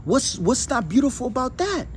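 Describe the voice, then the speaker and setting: High-voiced man preaching outdoors. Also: very animated, normal speed, slight background noise. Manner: preachy, emphatic, repetitive; chanting affirmations. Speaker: spiritual speaker. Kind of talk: motivational spiritual talk. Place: outdoors on grass.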